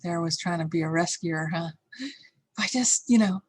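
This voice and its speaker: Low, husky woman telling a candid story. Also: moderate pace. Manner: candid, reflective, acts out yelled lines. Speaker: course teacher. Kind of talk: personal storytelling in a lesson.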